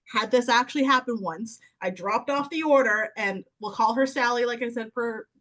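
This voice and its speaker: A woman in her thirties, a guest on a podcast, telling stories in an animated way, acting out the voices she quotes and laughing often. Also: fairly high pitch, moderate pace. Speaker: podcast guest, sales consultant. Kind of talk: casual podcast chat.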